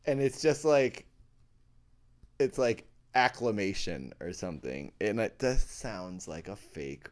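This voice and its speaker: A man's voice: on the low side, animated, slow pace. A man reading ghost stories aloud on a live stream and chatting with his viewers, playful, easily amused and poking fun at himself.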